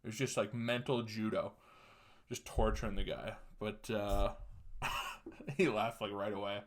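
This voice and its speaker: A man's voice: lowish voice, steady tone, a little slow. Crude young man telling a story. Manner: crude, profane, chuckling often. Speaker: podcast host. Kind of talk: casual solo storytelling.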